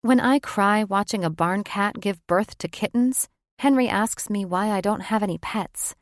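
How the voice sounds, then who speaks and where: A woman narrating an audiobook in first person, her voice sitting at an ordinary middle pitch. She reads in a reflective, conversational way, close to the mic in a dry, dead room. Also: normal speed, no echo.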